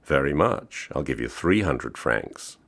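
A man reading aloud voices a blunt, insistent American traveller, curt and persistent, with a deep, husky, creaky voice. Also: very animated, a little slow, fairly bright tone, full character voice. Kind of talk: audiobook reading.

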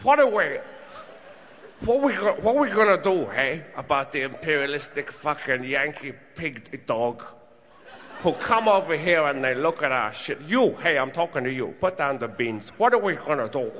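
A man's voice: fairly high pitch, big pitch swings, normal speed, a bit bright. A man putting on a ranting mock-tough local. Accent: mock mixed foreign-Brooklyn put-on accent. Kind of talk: stand-up comedy. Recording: long stage reverb.

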